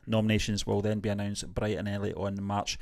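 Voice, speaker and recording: A man with a lowish voice co-hosts a casual film news show. He reads out news items and breaks them up with jokey asides. His voice is recorded close and dry, with no room sound. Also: level tone, fairly quick, creaky, darkish tone, no echo. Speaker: podcast co-host. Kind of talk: casual movie news chat.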